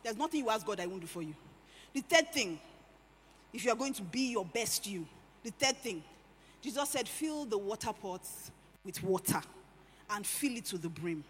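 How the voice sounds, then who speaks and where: A woman preaching a sermon, animated, swinging between hushed lines and loud emphatic ones. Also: medium pitch, moderate pace, pauses often, a little hiss or hum. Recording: echoey hall with faint ambience.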